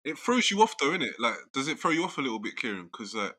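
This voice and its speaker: A man's voice: mid-range voice, very animated, quick pace, sharp tone. A man, chatting casually and laughing through his own stories. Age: 30s. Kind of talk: casual chat.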